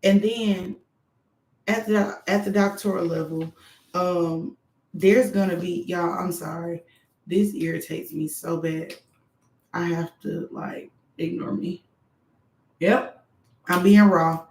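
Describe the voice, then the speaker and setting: Animated frank woman in echoey room. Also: on the low side, slow pace, long pauses. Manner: animated, frank, talks straight to viewers. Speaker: doctoral student vlogger. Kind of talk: candid advice monologue.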